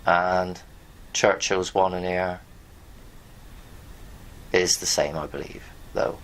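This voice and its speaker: Guy, lowish voice, rambling blunt chat to viewers, swears a bit. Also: fairly even intonation, slow, a bit bright. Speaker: video host. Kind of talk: casual commentary while reading from pages on screen.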